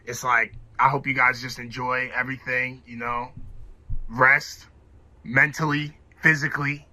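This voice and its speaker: A young man co-hosting a casual sports podcast, relaxed and full of "you know". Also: mid-range voice, a little slow. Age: young adult. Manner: laid-back, frequent "you know". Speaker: podcast co-host.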